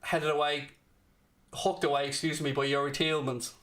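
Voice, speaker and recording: A man's voice: on the high side, level tone, normal speed, a bit bright. A young man hosting a live football watchalong, commentating on the match and ranting and swearing back at his chat. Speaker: watchalong host.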